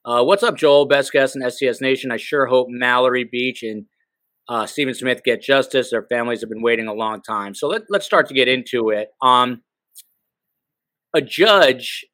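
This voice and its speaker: Joking middle-aged podcast host, dry sound. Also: male voice, mid-range voice, normal speed, sharp tone, dry recording, low-quality recording. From New Jersey. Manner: joking, rambling asides. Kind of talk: casual podcast chat.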